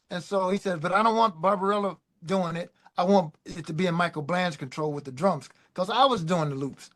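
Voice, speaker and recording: A middle-aged man, a guest musician, telling loose, animated stories in a casual chat. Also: sits high, fairly quick, few pauses. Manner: animated, loose, peppered with "man" and "you know". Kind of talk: casual storytelling.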